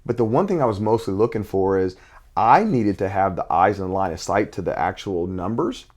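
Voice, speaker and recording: A man's voice: low-pitched, expressive, moderate pace, a little mellow. A middle-aged man, a basketball coach and father, talking intensely in casual conversation with many restarts.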